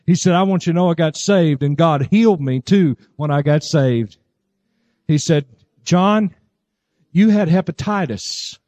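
A man's voice: fairly high pitch, darkish tone, no room sound. A male pastor preaching a sermon to his congregation, telling a story and rising to fervent cries of praise. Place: church service.

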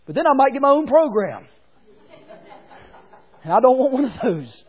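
Impassioned high-voiced preacher. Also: male voice, sing-song, moderate pace, breathy edge, phone-quality sound. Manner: impassioned preaching, swings from hushed to shouted. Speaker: pastor. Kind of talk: sermon.

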